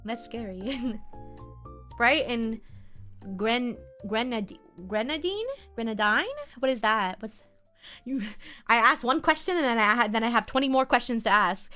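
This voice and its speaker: Young woman streamer, casual chatty delivery, giggly, bright and a touch high. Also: unhurried, faint music behind. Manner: giggly, chatty, often laughing; reads and answers chat messages. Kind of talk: casual live-stream chat.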